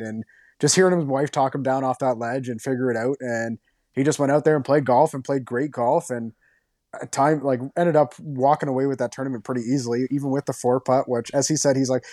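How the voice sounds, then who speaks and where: A man co-hosting a sports podcast who talks quickly and keeps his analysis flowing with enthusiasm. His voice sits in a middle range. The recording is dry, with no room echo. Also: medium pitch, a little mellow. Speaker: podcast co-host. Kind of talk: casual sports chat.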